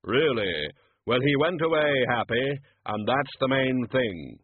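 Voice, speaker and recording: A man voicing Death as a grave, slow-talking figure trying to be jolly, in a tinny recording. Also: mid-range voice, animated, slightly rough, dry recording. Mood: pleased, solemn. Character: Death, grave male figure playing a jolly gift-giver. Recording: tinny phone-like audio.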